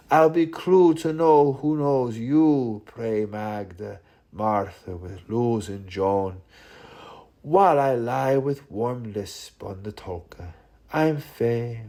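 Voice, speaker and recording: A man reading a literary audiobook aloud, lingering slowly over dense, playful wordplay. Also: medium pitch, a little mellow. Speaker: audiobook reader.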